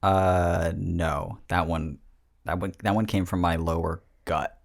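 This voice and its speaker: A man's voice: low-pitched, steady tone, takes it slowly, vocal fry. A young man hosting a podcast in casual chat, rambling and self-mocking. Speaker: podcast host. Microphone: podcast microphone.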